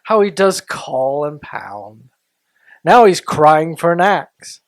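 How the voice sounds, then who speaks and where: A man hosting a story podcast, reading a classic tale aloud in a deliberate, sometimes hushed way. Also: a little high, big pitch swings, no room sound. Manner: slow, deliberate, softening into hushed tones. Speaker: story reader and podcast host.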